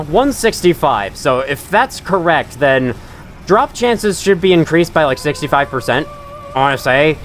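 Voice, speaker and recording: A man's voice: fairly high pitch, a bit bright. A man giving rambling, chatty gameplay commentary, laughing often and talking to enemies on screen. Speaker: gaming channel host.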